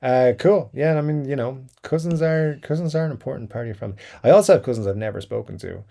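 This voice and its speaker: A man with a medium-pitched, dark voice and vocal fry talks fast while hosting a relaxed livestream. He reads out chat comments, rambling in between with many fillers and chuckles.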